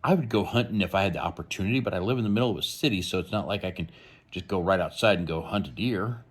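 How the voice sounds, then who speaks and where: A man's voice: low voice, fast talker, slightly rough. A man hosting a true crime channel, giving blunt, rambling, opinionated commentary.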